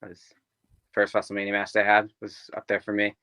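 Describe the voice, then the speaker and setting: A young man with a lowish but bright, forward voice talks as a guest on a podcast. He is easygoing and laughs often, and the close mic keeps him dry. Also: completely flat delivery, a little fast, dry recording, poor audio. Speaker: podcast guest, pro wrestler. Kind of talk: casual interview chat.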